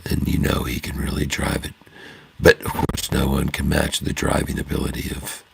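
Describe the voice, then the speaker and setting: A man voicing a calm, soothing male golf commentator with a soft, slow, murmured delivery, speaking into a phone. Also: very deep voice, creaky, background noise, full character voice. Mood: hushed.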